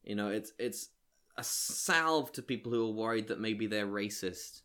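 A man's voice: lowish voice, normal speed, pushed and bright. A man co-hosting a comedy review podcast, talking in a dry, meandering, dismissive way. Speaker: podcast co-host. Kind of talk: casual review chat.

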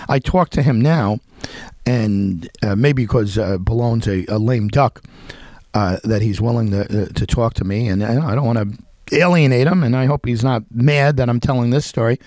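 A man's voice: mid-range voice, darkish tone, no room sound. A man telling a rambling, unscripted story, with many restarts and quoted voices acted out. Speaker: podcast host telling a story. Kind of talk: unscripted spoken monologue.

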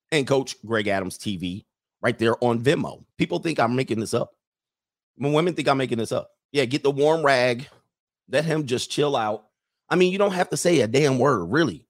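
A blunt, provocative man coaching on relationships in a live-streamed monologue. He swings between loud, raised bursts and low muttered asides, with a dry, close sound and no room echo. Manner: blunt, provocative, joking lecture.

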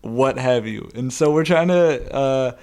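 Halting young man hosting a podcast. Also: mid-range voice, a little mellow, clean tone. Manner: halting, full of ums and restarts. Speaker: podcast co-host. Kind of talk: casual podcast chat.

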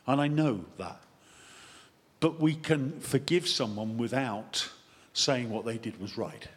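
A man, a vicar, giving a lively sermon that wanders into chatty, self-mocking asides. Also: mid-range voice, slow. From England. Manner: animated, chatty preaching with digressions and self-deprecating asides.

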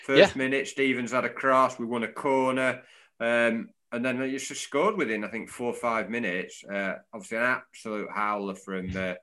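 A man's voice: medium pitch, moderate pace. A man, chatting casually and jokily as a football podcast co-host. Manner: animated, jokey, laughs often.

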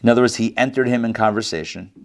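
A man's voice: mid-range voice, very fast. Chatty middle-aged man teaching scripture. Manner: joking, repeats words, chatty asides. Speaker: rabbi teaching Torah class. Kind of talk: conversational Torah sermon.

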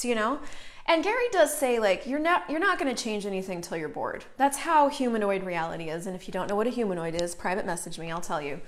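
Woman, live-stream host, casual chat, animated, greets viewers, emphatic, a bit high-pitched. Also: fast. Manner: chatty and animated, greets viewers mid-sentence. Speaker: host of a live online show, facilitator.

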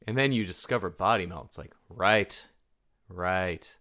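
A man co-hosting a casual movie podcast, joking and riffing in an animated way. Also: lowish voice, quick pace. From United States. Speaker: podcast co-host.

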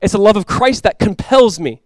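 A young man preaching a sermon as a pastor. He talks in a casual, conversational way with lots of "like," and swings from quiet, earnest lows to loud, excited highs. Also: moderate pace, no echo. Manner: casual and conversational, with many "like" fillers.

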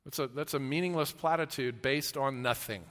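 A man preaching a sermon as a pastor, earnest, often restarting his words and swinging between loud emphasis and hushed, slow lines. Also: mid-range voice. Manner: earnest, with repeated restarts and stammers. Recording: long hall reverb.

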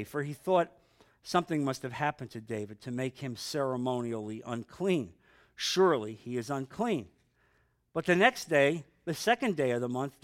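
A man in middle age leads a Bible study group, reading scripture aloud in a slightly high voice. Between verses he drops into casual, joking commentary for the group. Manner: reads aloud then breaks off with casual asides and humor.

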